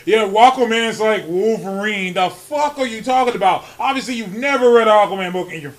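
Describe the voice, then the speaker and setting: A man co-hosting a podcast, talking loudly and excitedly, swearing freely and laughing often in casual chat. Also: sits high, normal speed, hardly any pauses. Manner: loud, animated, swears a lot, laughs often. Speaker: podcast co-host.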